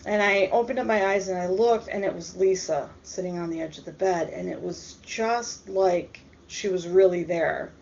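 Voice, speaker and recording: A woman telling a personal story in a casual, hesitant way, with many pauses and ums. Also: on the low side, vocal fry, darkish tone, a little hiss or hum. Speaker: storyteller vlogger. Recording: dull lo-fi recording.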